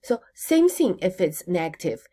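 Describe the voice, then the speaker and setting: A woman teaching a recorded language lesson. She models words slowly for repetition and answers her own questions. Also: on the low side, very animated, warm tone, husky.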